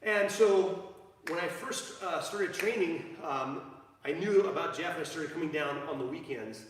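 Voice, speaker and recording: A man's voice: fairly high pitch, animated, a little slow, a little hiss or hum. A man teaching a jiu-jitsu class live, rambling with many fillers and restarts, recorded in an echoey training gym from a distance. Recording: echoey hall, from far off.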